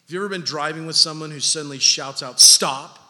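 A man in his thirties preaches with a bright, forceful edge and a fairly high voice. He is animated and jokey, slipping into quick acted-out scenes. The sound carries a long reverb from a church hall. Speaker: pastor. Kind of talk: sermon.

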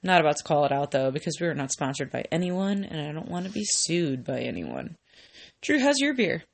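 A tipsy woman co-hosts a casual podcast, rambling and giggling with plenty of "like". Her voice sits a little low with a gravelly edge. She swings widely up and down as she talks. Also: sing-song, a little fast. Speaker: podcast co-host. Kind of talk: casual chat.

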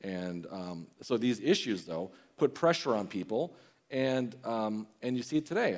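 A man's voice: fairly low pitch, lively intonation, a little slow. A middle-aged man, preaching a sermon in a conversational way with restarts and quoted asides.

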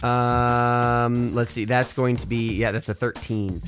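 A man narrating as game master in a tabletop game, halting with many fillers and restarts. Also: mid-range voice, little pitch movement, soft background music.

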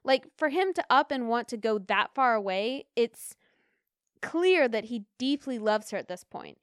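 A young woman on a podcast, talking fast and opinionated, her voice sitting a little high and sounding smooth and clear. The recording is close and dry, with no room sound. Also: dry recording. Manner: chatty, animated and opinionated, slips into rants. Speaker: podcast co-host. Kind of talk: casual chat about a period drama.

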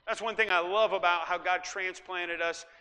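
A middle-aged man from Iowa preaching a sermon as pastor, emphatic and folksy, rising at times to shouts. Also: high voice, steady tone, moderate pace. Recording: long hall reverb.

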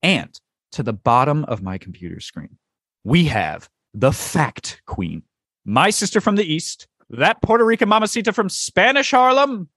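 A man's voice: fairly high pitch, expressive, measured pace, a bit bright, slightly rough, no echo, studio quality. Joking, profane young male podcast host. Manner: loose, profane, joking banter. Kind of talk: casual podcast chat.

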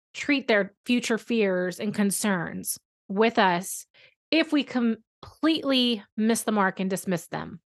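A woman's voice: mid-range voice, a bit bright. A woman in her thirties, a therapist hosting a podcast, talking in an earnest, candid way and telling a personal story with casual fillers. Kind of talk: conversational podcast monologue.

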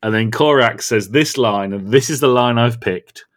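A man's voice: mid-range voice, moderate pace. A man in casual podcast chat, enthusiastically quoting favourite lines and laughing along. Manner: enthusiastic, quotes lines with relish. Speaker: podcast co-host.

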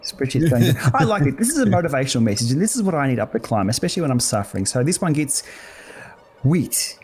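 Man, podcast co-host, dry humor, medium pitch, faint hiss. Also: sing-song, fast, a little mellow. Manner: wry, self-deprecating, joking. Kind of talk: casual chat.

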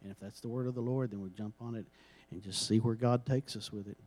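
A man, preaching a sermon and praying for miracles, swinging from soft talk to loud, drawn-out emphasis. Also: lowish voice, steady tone, dry recording. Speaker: guest preacher. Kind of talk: sermon with prayer.

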